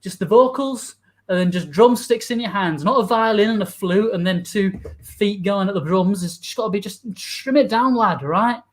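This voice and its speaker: A man's voice: high voice, normal speed. A man hosting and performing improvised comedy on a livestream, bossing his scene partner around and steering the show.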